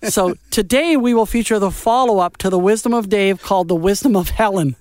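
A man hosting a music radio show, chatting in an animated, joking way. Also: high voice, brisk, dry recording. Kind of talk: casual chat.

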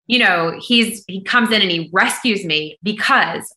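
A woman worship singer, a guest on a remote call, sharing her faith in an earnest, emphatic, deliberate way. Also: mid-range voice, pushed and bright, reverberant, low-quality recording. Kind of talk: heartfelt faith testimony in conversation.

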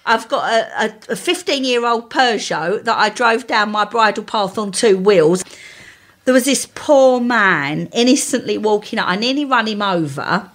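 A woman co-hosting a podcast, chatting and telling animated anecdotes. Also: measured pace. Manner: animated storyteller, jumps high when quoting people. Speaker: podcast co-host. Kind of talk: casual chat and anecdote telling.

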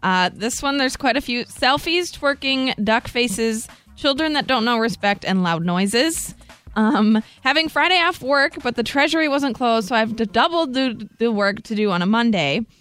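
A woman's voice: a little high, animated, normal speed, a bit bright, smooth, soft background music. A woman co-hosting a morning radio show, reading texts and giving short, dry replies. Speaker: radio co-host. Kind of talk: casual radio banter. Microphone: studio microphone.

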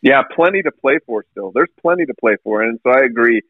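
A man's voice: mid-range voice, quick pace, husky, no echo. A man co-hosting a sports podcast remotely, talking steadily and agreeably, with frequent "uh" fillers. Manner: agreeable, steady, fills gaps with uh. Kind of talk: casual sports talk. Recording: tinny phone-like line.

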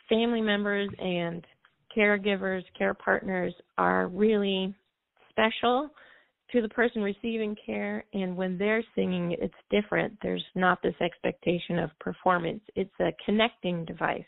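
A woman guest speaks with a gravelly edge, explaining at length and now and then singing short phrases to make her point. Her voice comes through a tinny, dry phone line. She sounds like a practiced trainer talking to a radio host. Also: medium pitch, dry recording. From United States. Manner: explanatory, sings snippets of songs to illustrate. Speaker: music therapist guest. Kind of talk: call-in radio interview.

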